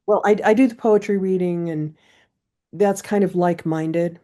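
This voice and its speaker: A woman's voice: lowish voice, steady tone, normal speed, dark tone. A woman poet, a guest in a casual interview, telling stories in a chatty way. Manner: chatty storytelling.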